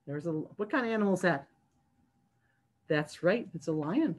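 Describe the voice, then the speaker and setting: A children's librarian reading a picture book aloud to young children over a video call, sing-song and animated, stopping to ask the kids questions. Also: female voice, on the low side, moderate pace, slight background noise.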